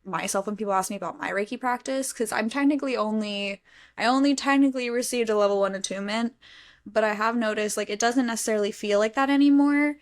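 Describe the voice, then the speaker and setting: A woman's voice: on the high side, fast talker. Rambling, reflective woman host. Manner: rambling, reflective, heavy use of "like". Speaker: podcast host. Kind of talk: casual chat.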